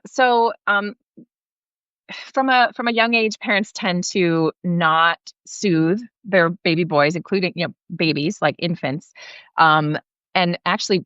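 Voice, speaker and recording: A woman's voice: lowish voice, a little slow, a bit bright, dry recording, highs cut off. A woman in her forties talking earnestly as a parenting guest in an interview, with many fillers and restarts. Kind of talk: conversational interview.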